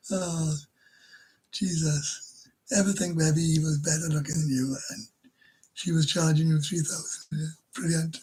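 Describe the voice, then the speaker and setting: Speaking at a moderate pace with long pauses, a Welsh live streamer shares crude anecdotes with viewers in a deeply husky, breathy voice pitched slightly above the usual male range. His tone is steady and darkish as he rambles, swears constantly, laughs mid-story, and trips over words before restarting. Audio quality is poor.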